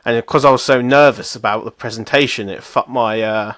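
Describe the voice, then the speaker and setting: Young male co-host, rambling self-mocking storyteller, mid-pitched, dry recording. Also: brisk, a bit bright, no echo. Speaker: podcast co-host. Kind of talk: casual chat.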